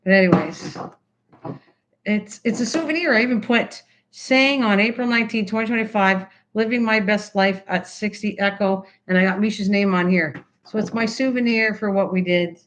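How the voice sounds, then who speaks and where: A woman's voice: mid-range voice, moderate pace. An older woman hosting a crafting livestream. She chats casually with viewers, rambling and restarting her sentences as she works. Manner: chatty, rambling, stops mid-sentence and restarts.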